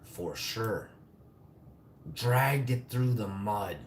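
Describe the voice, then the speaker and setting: A forty-year-old man rants on a live stream in a low voice, swearing and bitter. An echoey room rings around him, with a faint hum of ambience behind. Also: expressive, extremely slow. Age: 40s. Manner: profane, bitter, ranting. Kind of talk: angry live-stream rant.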